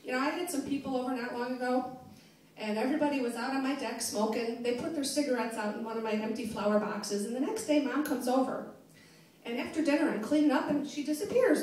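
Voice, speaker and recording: A woman's voice: high voice, brisk, a little hiss or hum. A middle-aged woman doing a brash stand-up set in a comedy club, laughing at her own jokes. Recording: roomy club sound from a distance.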